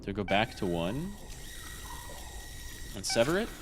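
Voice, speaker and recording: Streamer, casual let's-play talk: thinks out loud, cusses, pitch jumps around, noisy background. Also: big pitch swings, unhurried. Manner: thinks aloud, swears freely, reacts loudly. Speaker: VTuber streamer. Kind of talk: casual gameplay commentary. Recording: noisy game sound behind.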